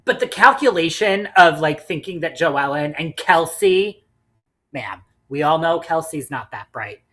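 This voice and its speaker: A low-voiced woman co-hosting a casual podcast tears into reality TV episodes with blunt, animated opinions, speaking a little slowly. She swears freely and thinks out loud, restarting often.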